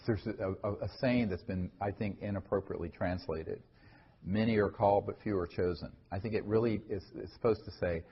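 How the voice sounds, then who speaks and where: In a dull lo-fi clip from a lecture Q&A, a man with a lowish, husky voice responds earnestly to someone in the audience. His delivery is chatty, packed with fillers and false starts.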